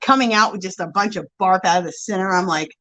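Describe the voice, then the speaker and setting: A chatty woman hosts a casual livestream and keeps greeting her viewers by name. She reads their comments aloud and answers with gushing exclamations while she crochets. Her voice sits at an ordinary middle pitch for a woman. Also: fast, fairly bright tone, low-quality recording. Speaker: livestream host.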